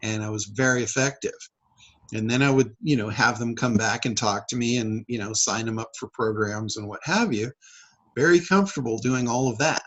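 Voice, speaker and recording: A man's voice: mid-range voice, normal speed, a bit bright, low-quality recording. A man hosting a casual coaching call, talking in a rambling way with many fillers and restarts. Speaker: public speaker and sales trainer.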